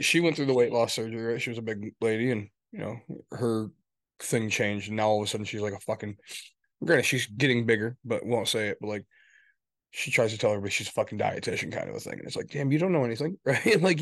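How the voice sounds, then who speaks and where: A man's voice: on the low side, quick pace, vocal fry, a bit bright, dry recording, clean studio sound. A man co-hosting a podcast in casual chat, rambling and swearing, often tagging his points with "right?". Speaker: podcast co-host.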